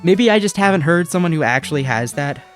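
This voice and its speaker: 20s dude w a faint ohio accent, rambly streamer talk, cusses a lot, soft music under it. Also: male voice, on the high side, animated. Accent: subtle Ohio. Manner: rambling, swears freely, quick laughs. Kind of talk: casual chat while gaming.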